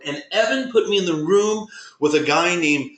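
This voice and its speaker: A man presenting a webinar, telling business stories in an animated way and acting out conversations he had. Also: high-pitched, normal speed. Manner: animated, retells conversations with quoted dialogue. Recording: roomy echo.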